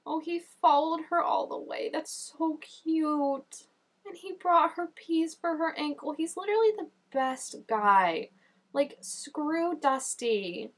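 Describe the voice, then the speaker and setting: Chatty, gushing woman reacting to a show. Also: takes it slowly. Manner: gushing and chatty, full of "like" and "oh my gosh"; excitable, with sudden jumps up in pitch. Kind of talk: casual reaction commentary.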